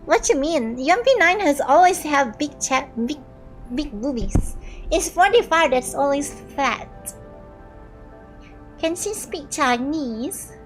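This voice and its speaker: A woman's voice: high-pitched, expressive, slow, soft background music, rough recording. A young woman streaming a game, reading its dialogue aloud expressively with playful, giggly asides.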